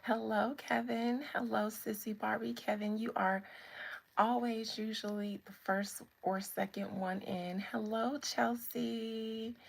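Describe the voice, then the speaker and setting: Woman livestream host, relaxed and chatty; husky, unhurried. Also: a little high. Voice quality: relaxed, greets viewers by name. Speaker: host of a live spiritual chat stream. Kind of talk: casual live-stream chat.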